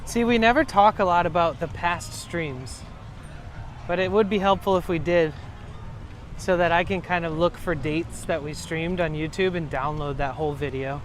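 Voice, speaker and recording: A man's voice: on the high side, normal speed. A young man chatting casually on a live stream from a city street, loose and chatty and swearing freely. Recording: faint street noise behind.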